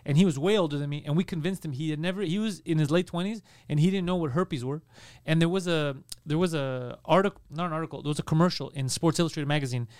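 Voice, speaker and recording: A man hosting a podcast, telling a story in casual chat with animated, loud bursts. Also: fairly high pitch, fast talker, clear, resonant tone, dry recording, studio quality. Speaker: podcast host.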